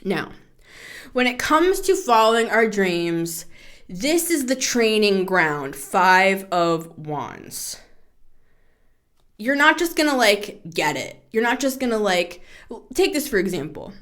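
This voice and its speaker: A woman in her thirties hosting a tarot podcast, talking in a casual, chatty way, animated, laughing and swearing freely. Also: medium pitch, takes it slowly. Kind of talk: casual spoken tarot reading.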